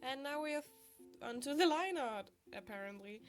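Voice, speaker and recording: A woman's voice: high voice, lively intonation, normal speed. A young woman with a sick voice, chatting casually and laughing at herself as she narrates her drawing process. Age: young adult. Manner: chatty, self-deprecating, laughs often. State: sick, congested voice. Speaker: art vlogger. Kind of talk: casual voice-over while drawing. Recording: faint guitar music behind. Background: soft guitar music.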